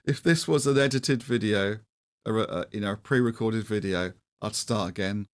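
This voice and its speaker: A man's voice: on the low side, a little slow, pauses often, no echo. A middle-aged man hosting a livestream, chatting casually in a rambling, self-deprecating way with many restarts. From England. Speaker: livestream host.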